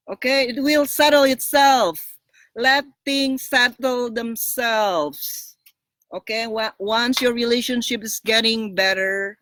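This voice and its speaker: A woman relationship coach giving frank, blunt advice in a casual monologue, animated and laughing between points, often repeating and restarting words. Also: a little high, slight background noise.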